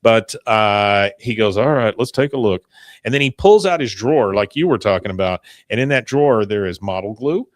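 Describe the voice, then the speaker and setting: A man's voice: on the low side, animated, moderate pace, few pauses, no room sound, clean studio sound. A man co-hosting a podcast, casually retelling scenes and quoting the dialogue, with lots of fillers. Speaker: podcast co-host. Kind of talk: casual episode recap.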